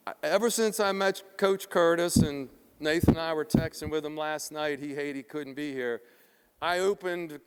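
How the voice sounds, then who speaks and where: A middle-aged man from South Philadelphia delivers a keynote with lively, profane storytelling. His voice sits a little high and comes through clean and smooth. A long hall reverb trails behind him in the large venue. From South Philadelphia, USA. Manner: animated, profane, acts out quotes. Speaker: keynote speaker.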